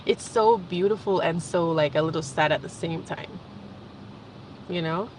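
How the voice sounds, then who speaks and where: A young woman with a fairly low voice talks straight to her camera in a loose, heartfelt vlog. She rambles, laughs often and gets emotional. Faint background hum stays under her voice. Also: a little slow, a little mellow. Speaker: vlogger. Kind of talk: casual spiritual vlog monologue.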